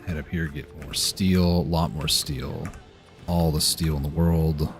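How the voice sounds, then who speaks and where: A man's voice: a bass voice, unhurried, faint music behind. A man streaming a game, talking casually to himself as he plays. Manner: relaxed, muttering to himself while playing. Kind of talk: casual gameplay commentary.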